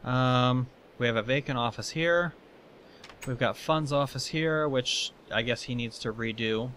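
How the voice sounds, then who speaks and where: A man narrates a casual game tour with a bright, forward voice, pointing things out and swearing freely. His tone is chatty and middle-pitched, with a faint hiss of noise under it. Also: unhurried. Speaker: let's play host. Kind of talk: casual gameplay commentary.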